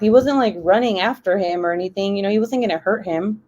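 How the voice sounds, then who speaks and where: A woman's voice: mid-range voice, a little fast, a little mellow. A young woman live streaming, telling a long story in a casual, rambling way while reading the comments. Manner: chatty, rambling, heavy use of "like".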